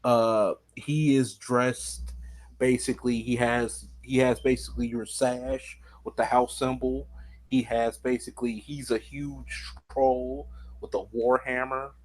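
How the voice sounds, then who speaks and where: A man's voice: mid-range voice, flat delivery, measured pace, low-quality recording. A man narrating as game master of a tabletop game, rambling and leaning on filler words. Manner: rambling, many fillers like "basically".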